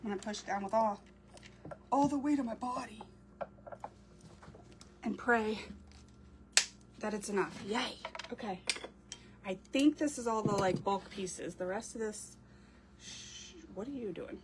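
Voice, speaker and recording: A woman's voice: medium pitch, a little slow, pauses often. Woman, casual crafting chatter, talks to viewers mid-project, faint clicks and noise behind. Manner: chatty, reads out and answers viewer comments while working. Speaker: craft creator. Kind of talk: casual crafting livestream chat.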